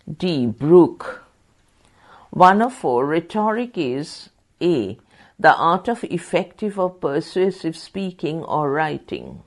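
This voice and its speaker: A woman with a low voice reads exam questions and their answers aloud, slowly and carefully. Her pitch moves a great deal from line to line. She speaks every comma and quote mark and spells out hard words letter by letter. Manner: methodical, reads punctuation and quote marks aloud and spells out terms. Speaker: volunteer reader.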